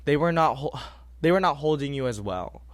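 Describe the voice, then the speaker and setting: A young man hosting a podcast, giving earnest, animated advice in casual talk and repeating phrases for emphasis. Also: a little high, moderate pace, no room sound. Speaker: podcast host.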